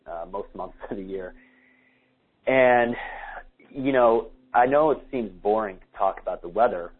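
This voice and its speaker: A man's voice: on the low side, breathy edge, phone-quality sound. A man giving dating advice in a podcast conversation, talking casually and acting out sample dialogues. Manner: acts out sample dialogues, casual with many likes. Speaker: dating coach.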